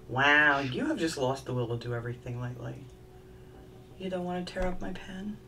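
Middle-aged woman, deep voice, homey pet chat, distant mic with noise behind. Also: animated, moderate pace. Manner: coos and baby-talks to her bird. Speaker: craft vlogger. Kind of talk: casual chat to pet parrot and viewers. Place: at home with her parrot.

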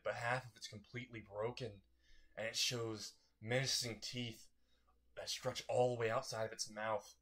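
A man's voice: fairly low pitch, a bit bright. A man casually narrating a fan story, rambling and correcting himself as he goes.

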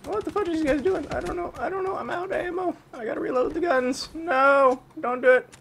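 A man putting on a squeaky, whiny, flustered silly voice while commenting on a video game. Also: a little fast, creaky, fairly bright tone, heavily acted. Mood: panicky.

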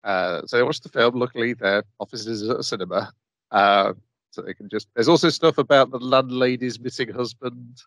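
A man's voice: medium pitch, fairly quick, no echo. A man co-hosting an anime podcast, walking through the plot in casual chat with frequent "uh"s. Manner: steady plot recap with frequent "uh". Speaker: podcast co-host.

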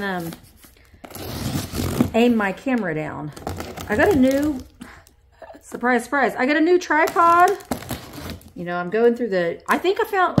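A woman reselling antiques, chatting casually to viewers as she unboxes finds on camera, easily excited and talking to the objects. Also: fairly high pitch, background noise. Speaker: antique reseller and shop owner. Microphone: camera on a tripod.

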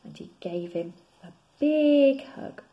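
A woman teacher reading a children's picture book aloud in an expressive way. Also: high voice, lo-fi sound. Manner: slow and expressive.

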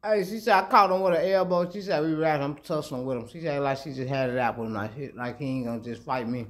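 A man's voice: medium pitch, fast talker. Slangy man riffing on a clip. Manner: slangy, incredulous. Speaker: reaction video host. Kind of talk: casual reaction commentary.

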